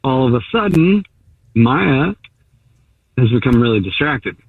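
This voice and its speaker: A man's voice: mid-range voice, sing-song, unhurried, slightly rough, dry recording. Hesitant man on a tinny phone line. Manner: hesitant, with fillers and restarts. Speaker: caller. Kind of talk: phone-in account to a radio show.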